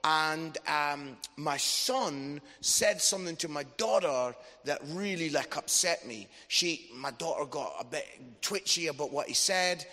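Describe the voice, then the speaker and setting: An enthusiastic man preaching a chatty sermon, with a fairly high voice and a bright, forceful edge. His words ring out in a church hall with a long reverb tail. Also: animated, a little slow, few pauses. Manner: enthusiastic, chatty, adds "yeah?" tags. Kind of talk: sermon with personal storytelling.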